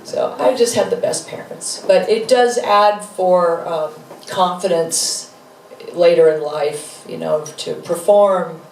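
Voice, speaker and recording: A woman in her fifties tells lively, laughing stories in a lowish voice as the guest of an onstage interview. She sits a little off the mic, so the room rings around her. A faint hum of the venue stays underneath. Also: slow pace. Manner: animated, laughing storyteller. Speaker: guest, author and rock musician. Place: bar venue with live audience. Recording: echoey room, mic from a distance.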